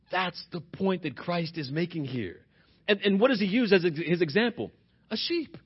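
Husky-voiced man preaching emphatically. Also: high-pitched, lo-fi sound. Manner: emphatic preaching with rhetorical questions. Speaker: pastor. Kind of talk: sermon.

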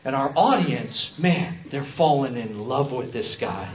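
A man's voice: medium pitch, expressive, measured pace, highs cut off. A man speaking as a missionary in a sermon, telling a story, acting out the quotes and repeating phrases for emphasis.

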